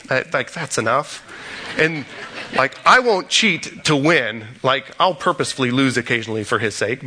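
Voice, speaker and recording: Male pastor in his thirties, bright tone, conversational sermon with joking asides. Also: mid-range voice. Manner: conversational with playful asides and voiced quotes.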